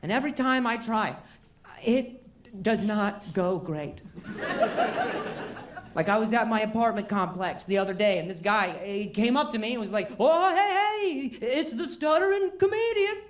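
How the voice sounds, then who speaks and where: A man's voice: high voice, normal speed, long pauses. Stuttering man doing wry stand-up. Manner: self-deprecating, wry. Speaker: stand-up comedian. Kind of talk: stand-up comedy set. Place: comedy stage before a live audience. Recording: roomy live venue with background noise.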